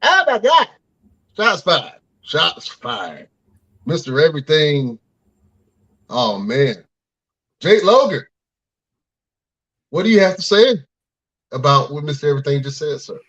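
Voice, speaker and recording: Excitable male podcast host, lo-fi sound. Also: a little high, slow, long pauses. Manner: excitable, hypes up the exchange. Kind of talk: hyped podcast hosting. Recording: dull lo-fi audio.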